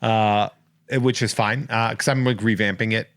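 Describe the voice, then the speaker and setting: A man's voice: lowish voice, fairly even intonation, normal speed, fairly bright tone, no room sound, clean studio sound. An American man hosting a podcast, rambling and joking at his own expense in casual chat. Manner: jokey, rambling, self-mocking. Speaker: podcast host.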